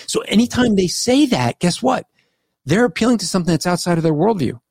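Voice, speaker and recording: A man guest on a podcast interview, a street evangelist telling stories of his debates in an animated, argumentative way. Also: sits high, a little fast, breathy edge, dry recording. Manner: animated, argumentative, recounts debates by acting out both sides. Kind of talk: conversational storytelling in a podcast interview.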